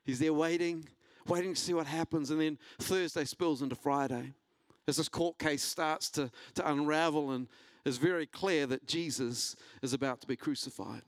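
New pastor preaching in a dry room. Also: male voice, steady tone, moderate pace, dry recording. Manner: storytelling, rising in pitch and intensity when preaching. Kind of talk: sermon.

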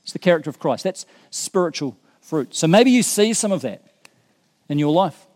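A man preaching a sermon as pastor, earnest and emphatic, building with excitement at points. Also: on the high side, moderate pace. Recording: long reverb of a hall.

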